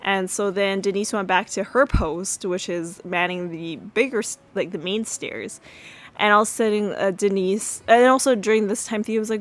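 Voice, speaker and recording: A woman with a mid-range voice, talking at a normal speed, hosts a podcast where she casually retells a TV episode. Her chatty recap is packed with fillers, and she acts out the quotes.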